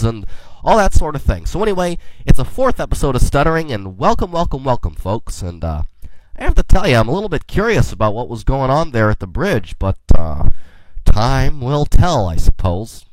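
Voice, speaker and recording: A man speaks alone on his own podcast, rambling in a chatty way full of folksy asides and slipping into playful in-character space banter, sounding a little sick. His voice sits at medium pitch. The recording is dry and rough.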